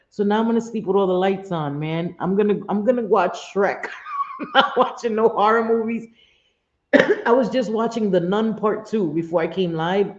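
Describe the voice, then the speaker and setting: A fairly low-pitched, darkish voice belongs to a middle-aged woman hosting a laid-back livestream, talking freely and chuckling as she replies to viewers at home. Chatty and prone to swearing, she laughs a lot and reads the chat out loud over roomy, dull lo-fi stream audio.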